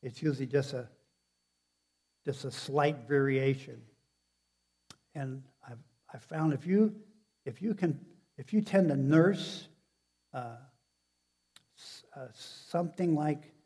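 A man preaching a sermon in a halting, conversational way, often restarting sentences and putting questions to the congregation. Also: medium pitch, dark tone, slightly rough. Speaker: pastor.

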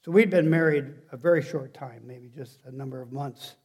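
A man's voice: medium pitch, normal speed, a little mellow, breathy edge. A male preacher giving a sermon in a loose, conversational style. He often stops and restarts his sentences and turns to the congregation with questions. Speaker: pastor.

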